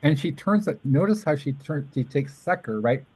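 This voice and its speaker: A man's voice: on the high side, animated, moderate pace, darkish tone, breathy edge, no echo, low-quality recording. A man hosting a casual chat, telling a long rambling story and animatedly mimicking the voices of people he quotes. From Southern California. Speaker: podcast host.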